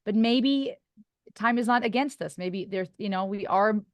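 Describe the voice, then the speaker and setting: An earnest woman hosting a podcast interview, her first language German. She muses reflectively and laughs easily. Her voice sits at a middle pitch and sounds dry and close. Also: moderate pace, no echo. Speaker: podcast host.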